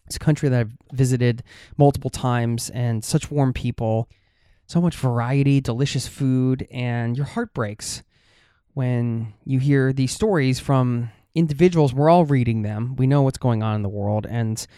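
A man's voice: mid-range voice, fairly even intonation, measured pace, dark tone, clean tone, dry recording. Man, podcast host, casual chat, heartfelt, resonant voice, dry recording. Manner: earnest, heartfelt, with frequent "uh" fillers.

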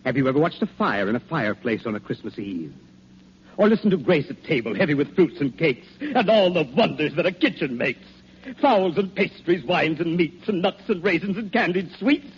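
An actor playing a patient, persuasive old Santa Claus, speaking calm, coaxing rhyming verse in 1940s radio acting. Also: male voice, fairly high pitch, normal speed, slightly rough, exaggerated voice. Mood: wistful. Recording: dull, faintly hissy old radio recording.

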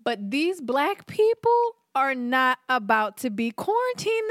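Lively, high-voiced woman on a podcast. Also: no echo, studio quality. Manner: emphatic, incredulous, quick reactions. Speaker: podcast co-host. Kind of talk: casual chat.

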